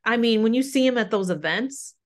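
A woman's voice: on the high side, lively intonation, a little fast. A woman guest, a grief counselor, earnestly recounting her experiences in a casual conversation. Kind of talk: casual chat.

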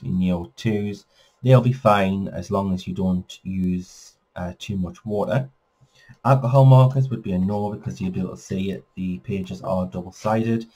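A man's voice: deep voice, warm tone. A man giving a casual flip-through review of a colouring book, chatty, with frequent fillers and self-corrections.

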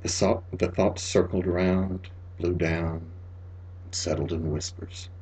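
A man narrating a literary short story as an audiobook, measured and expressive, sinking to a near whisper in the sad passages. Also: low voice, breathy edge. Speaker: audiobook reader.

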